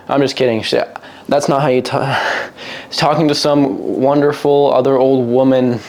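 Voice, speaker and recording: Young male vlogger, mid-pitched voice, profane, jokey, wanders off topic. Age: young adult. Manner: crude, joking, rambling, mimics others in a high voice. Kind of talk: casual monologue to camera. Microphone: single mic, a cappella opener.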